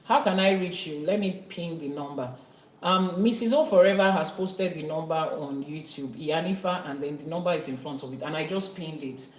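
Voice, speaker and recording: Woman from Nigeria, live-stream host, earnest and emphatic; lowish voice in an echoey room. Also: moderate pace, a little mellow, slight background noise. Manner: earnest, emphatic, addresses viewers directly. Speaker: Ifa priestess hosting a live stream. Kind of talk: live-stream teaching talk, reading viewer comments.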